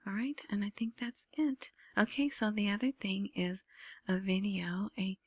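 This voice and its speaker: A woman hosting her own vlog, giving casual screen-share commentary on news in a soft, half-whispered way, with many ums and restarts. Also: medium pitch, moderate pace, slightly rough, no room sound. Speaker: vlogger commenting on Iraqi news and currency.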